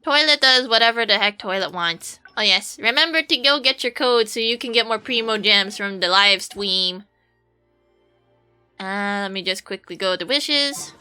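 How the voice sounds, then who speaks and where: A woman's voice: medium pitch, normal speed, pushed and bright, clear, resonant tone, faint music behind. A woman streamer giving casual gameplay commentary, rambling playfully to her viewers and swearing now and then.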